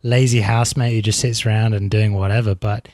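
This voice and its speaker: A man's voice: on the low side, flat delivery, brisk, darkish tone, dry recording, clean studio sound. A man from England whose English accent has worn toward Australian, co-hosting a podcast in casual, rambling, self-mocking chat over an online call. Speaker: podcast co-host.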